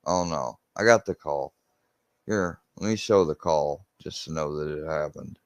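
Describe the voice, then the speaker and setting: A man's voice: very deep voice, a little slow, dry recording. A young man, a YouTuber ranting to his viewers, agitated and swearing as he repeats himself. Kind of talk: venting rant to camera.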